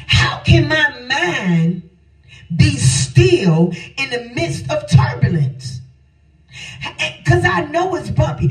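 An older woman preaching a sermon, swinging between shouted phrases and a sing-song cadence. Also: sits high. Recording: echoey hall, voice from a distance, faint music.

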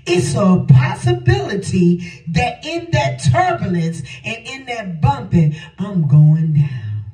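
A woman's voice: medium pitch, very animated, takes it slowly. Older woman preaching in a roomy hall. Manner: impassioned sing-song preaching with shouted phrases. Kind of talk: sermon. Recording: echoey hall, voice from a distance, faint music.

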